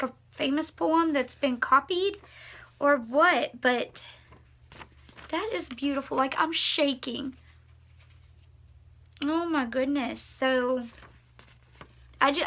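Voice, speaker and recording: Soft, bright-voiced woman vlogger. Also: sits high. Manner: soft-spoken and awed, often hushed. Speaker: vlogger showing thrift finds. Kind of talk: casual vlog chat and reading aloud.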